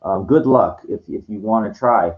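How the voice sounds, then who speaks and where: A man's voice: on the low side, normal speed. A man ranting at a viewer in a condescending, lecturing way, stumbling and restarting his sentences. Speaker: vlogger answering viewer comments. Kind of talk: ranting monologue to camera. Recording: dull lo-fi sound.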